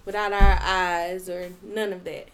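Frank, lively woman co-hosting a podcast. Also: on the low side, measured pace, slight background noise. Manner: frank, animated, talks over her partner. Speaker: podcast co-host. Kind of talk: casual chat.

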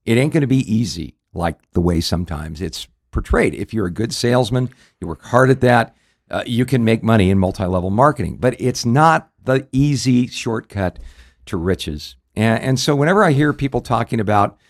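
A man hosting a radio talk show, telling a story casually with many fillers and restarts. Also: fairly low pitch.

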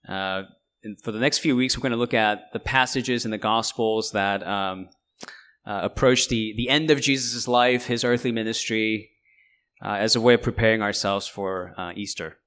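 Man, pastor, sermon, low voice, halting delivery, lots of ums and uhs. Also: a bit bright, clear, resonant tone. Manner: conversational, halting, with many fillers and restarts.

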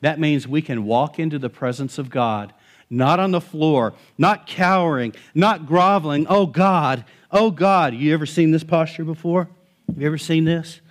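A middle-aged male pastor preaching a sermon in a conversational, animated way, with touches of humor. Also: a little high, normal speed.

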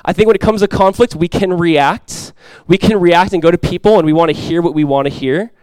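A male pastor preaching a sermon in a relaxed, conversational way, full of fillers and asides. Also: high voice, a little fast, clear, resonant tone, no room sound, rough recording.

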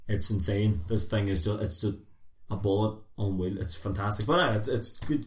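A man's voice: lowish voice, normal speed. A man hosting a podcast with friends, chatting casually in a rambling, sweary way. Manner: swearing, rambling, laughs often. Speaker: podcast host. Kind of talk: casual chat. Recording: echoey room.

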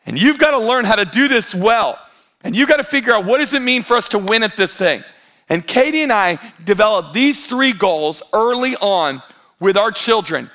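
Bright-voiced, animated man preaching. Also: high-pitched. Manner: animated storytelling with quoted voices. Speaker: pastor. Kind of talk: sermon.

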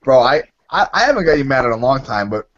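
Profane, animated man telling stories. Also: medium pitch, quick pace, highs cut off, background noise. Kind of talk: casual podcast chat.

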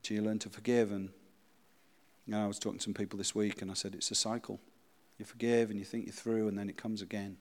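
A man preaching a sermon and leading a congregation in quiet prayer. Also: fairly low pitch, flat delivery, quick pace, in a large hall. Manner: reads a story aloud, then speaks softly and prayerfully. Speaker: pastor.

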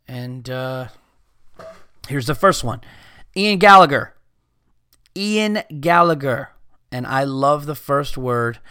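A man's voice: medium pitch, fairly bright tone, no echo, clean studio sound. A man hosting a podcast, ranting in a casual, exasperated and profane way. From United States. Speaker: podcast host.

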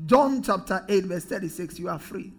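Male preacher, high-pitched and emphatic, leads call-and-response, soft music under him. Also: lively intonation, normal speed, breathy edge. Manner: call-and-response, emphatic, often rising to shouts. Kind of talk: sermon. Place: church.

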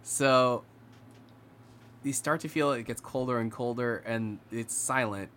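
Man telling a ghost story, voice dropping hushed. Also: mid-range voice, measured pace, slight background noise. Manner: animated, acts out the characters' lines, drops to a hushed voice for tense moments. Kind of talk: casual storytelling among friends.

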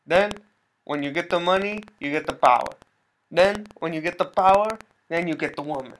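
A boastful gangster boss with a put-on Cuban gangster accent, slow and swaggering in his brag, a man doing the voice. The voice sits a little high. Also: fairly bright tone, poor audio. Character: brash male gangster boss.

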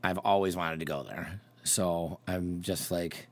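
A man in casual chat, telling a rambling story and acting out quoted lines with sudden jumps in pitch. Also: steady tone, measured pace.

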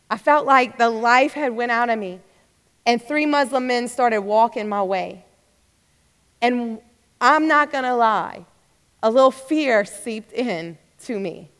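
A woman's voice: a little high, a bit bright, clean tone. A young woman preacher giving a fervent sermon testimony, rising to urgent exhortation. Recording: long hall reverb.

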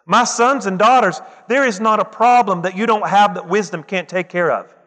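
Male pastor, high voice, repetitive emphatic preaching, church hall reverb. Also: normal speed, a bit bright. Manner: preaching, calls for amens, repeats phrases for emphasis. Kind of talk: sermon. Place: church sanctuary.

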